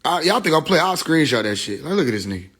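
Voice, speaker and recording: A man talking on a phone livestream in a loose, animated rant, swearing freely and laughing at his own jokes. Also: a little high, fast. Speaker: live streamer.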